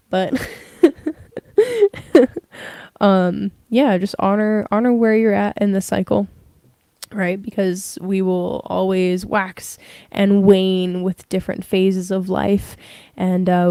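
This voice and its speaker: Tarot-reading woman, young adult, casual live chat, rambling with fillers, warm and slow-spoken. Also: mid-range voice, gravelly, no echo. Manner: rambling, emotional, with many fillers and laughs. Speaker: tarot reader.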